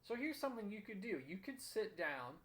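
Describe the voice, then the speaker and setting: A man's voice: high-pitched, big pitch swings, normal speed, a bit bright. A young man hosting a motivational talk, telling a story in an earnest, emphatic way. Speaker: host.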